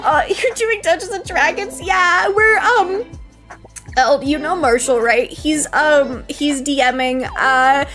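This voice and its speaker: A woman's voice: high-pitched, slow pace, bright, forceful tone, faint music behind. A woman streamer chatting casually on a live stream, bubbly and giggly, greeting and thanking viewers one by one.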